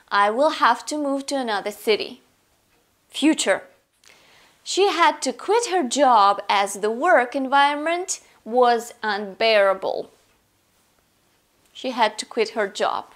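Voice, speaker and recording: A woman explains English grammar in a slow, deliberate, carefully paced delivery. Her voice sits a little high, and she lays out each example patiently for learners. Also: expressive. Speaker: English teacher.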